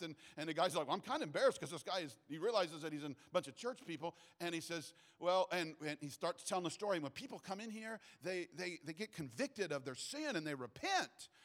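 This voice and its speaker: A man's voice: high voice, a bit bright. A middle-aged pastor preaching a sermon in a conversational way, often restarting his phrases.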